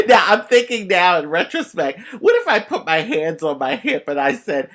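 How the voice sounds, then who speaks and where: Lively middle-aged woman telling a story. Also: fairly low pitch, a little slow. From United States. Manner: animated, laughs often, acts out the people in the story. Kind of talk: casual storytelling.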